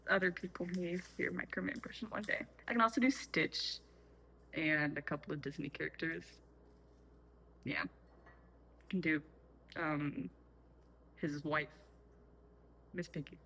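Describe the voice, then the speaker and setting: A young woman chats off the cuff at home, rambling and correcting herself as she goes. Her voice sits a little low but has a bright, forceful edge. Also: unhurried, vocal fry, long pauses, slight background noise, poor audio. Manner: rambling, chatty, frequent fillers and self-corrections. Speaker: vlogger. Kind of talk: unscripted casual chat. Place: home, making tea.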